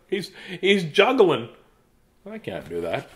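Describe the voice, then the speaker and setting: A man's voice: on the high side, wildly swooping pitch, slow pace. A middle-aged man casually reading children's books aloud, with jokey asides between pages. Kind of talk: casual read-aloud to a live chat.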